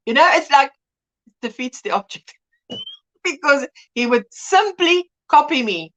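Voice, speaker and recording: A middle-aged woman hosts a relaxed livestream, reading out viewer comments between stories. Her voice sits fairly high and swings widely in pitch as she acts out other people's voices. She laughs often and tells her anecdotes with animated energy. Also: unhurried. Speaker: livestream host.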